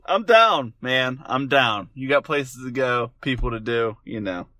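A man's voice: mid-range voice, lively intonation, a little slow, pushed and bright, no echo. A man co-hosting a casual podcast chat, easygoing and agreeable, often trailing off with fillers. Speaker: podcast co-host.

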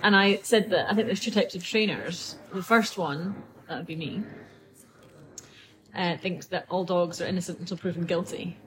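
A woman speaking as a dog behaviourist in a casual podcast chat, thoughtful and pausing with ums. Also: on the low side, rough recording. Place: busy coffee shop. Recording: crowd noise in a café. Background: café crowd chatter.

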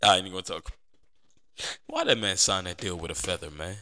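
A man with a low but bright, forceful voice hosts a football podcast. He talks in a loose, animated way and circles back on his points, repeating phrases to drive them home. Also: brisk. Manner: animated, conversational, repeats himself for emphasis. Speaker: podcast host. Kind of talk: casual sports commentary.

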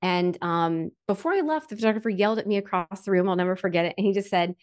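A woman with a mid-range, slightly mellow voice talks quickly and barely pauses. She tells a personal faith story in a candid, chatty way, peppered with "like" and "um," sounding earnest and emotional with bits of self-deprecating humor.

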